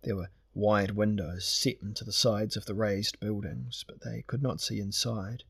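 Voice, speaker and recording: A man narrating a fantasy audiobook in a steady, measured way. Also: fairly low pitch, gravelly, breathy edge, dry recording.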